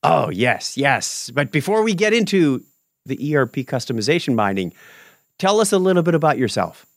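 Upbeat, lively male podcast host. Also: a little high, normal speed, no room sound, clean studio sound. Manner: upbeat, animated, self-correcting. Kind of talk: podcast hosting, scripted intro then casual chat.

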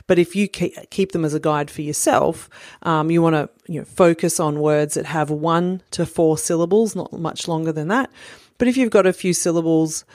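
Low-voiced woman explaining patiently. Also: a little mellow, dry recording, studio quality. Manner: clear, patient explaining with many fillers. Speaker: parent educator. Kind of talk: instructional talk to parents.

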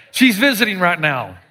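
A high-voiced man preaching a sermon with lively, sweeping pitch. He jokes and then suddenly shouts his points. His voice rings out through a large hall with a long, lingering reverb. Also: slight background noise. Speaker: pastor.

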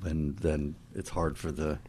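A man's voice: extremely low pitch, flat delivery, a little slow, noisy background. A man co-hosting a talk radio show, easygoing and jokey, often laughing. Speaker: co-host, real estate attorney. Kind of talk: casual talk radio chat. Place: radio studio.

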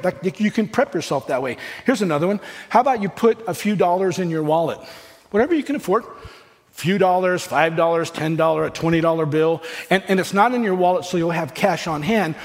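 A man, a pastor preaching a sermon in a conversational way, acting out everyday dialogue as he goes. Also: high voice. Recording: long hall reverb with faint music.

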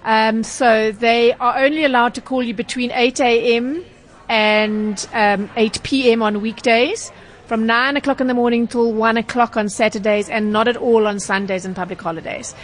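A woman's voice: on the high side, steady tone, normal speed. A woman explaining consumer rules on radio, a little hesitant and full of fillers. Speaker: consumer journalist. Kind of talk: radio consumer advice chat.

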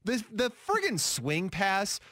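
A man co-hosting a sports talk show, his voice bright and lively as it swings up and down in pitch. He chats casually and jokes at his own expense. The sound is dry and close. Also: slow, dry recording. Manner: animated, joking, self-mocking.

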